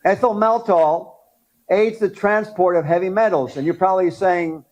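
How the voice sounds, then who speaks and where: Middle-aged guy of cuban background fired up at a conference, pitch a bit high, kinda muffled recording. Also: normal speed. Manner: animated, rallies the audience with questions. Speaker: speaker at a dental conference. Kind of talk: conference talk to a live audience.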